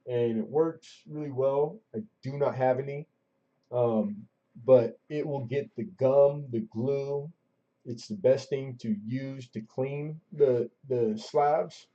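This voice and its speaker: A Southern California man hosts a coin auction livestream, his medium-pitched voice dark in tone. He rambles casually, full of fillers and restarts, as he calls out the last bids. The stream audio is dull and lo-fi.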